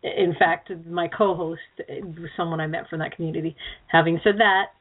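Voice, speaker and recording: A woman's voice: lowish voice, fairly even intonation, moderate pace. A woman co-hosting a casual radio chat show, rambling and laughing often, with some swearing. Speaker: co-host. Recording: tinny phone-like line.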